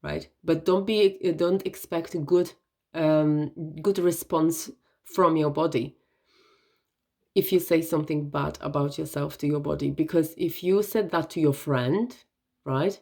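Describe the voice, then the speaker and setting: A woman giving an earnest, gentle self-help talk, often checking in with "right?" and "okay?". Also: low voice, fairly even intonation, unhurried, gravelly. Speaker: wellness vlogger.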